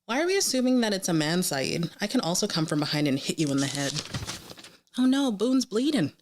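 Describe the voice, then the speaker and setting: A woman co-hosting a podcast in casual chat, quick and teasing as she reads out her wry reactions. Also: fairly low pitch, big pitch swings, slight background noise. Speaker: podcast co-host.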